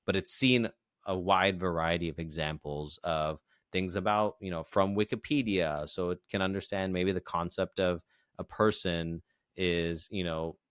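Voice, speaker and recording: A man's voice: deep voice, fairly even intonation, unhurried, a bit bright, clean tone, dry recording, clean studio sound. A man co-hosting a podcast, explaining ideas patiently in a casual chat, often checking in with "right?" and "you know". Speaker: podcast co-host.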